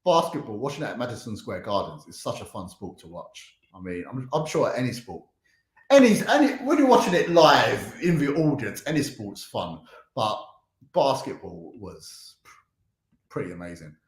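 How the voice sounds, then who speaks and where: A young man with a London accent chats loosely on a livestream, reading out viewer comments, stumbling over repeated words and laughing along the way. His pitch swings a lot as he talks. The sound is roomy, with a clear echo around him. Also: very animated, moderate pace. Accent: London English. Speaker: charity livestream host.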